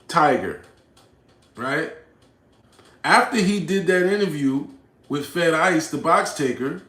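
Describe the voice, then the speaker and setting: A man hosting a livestream, reading chat aloud and reacting bluntly, swinging between low mutters and loud outbursts. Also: echoey room. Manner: blunt, profane, confrontational. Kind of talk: casual livestream rant.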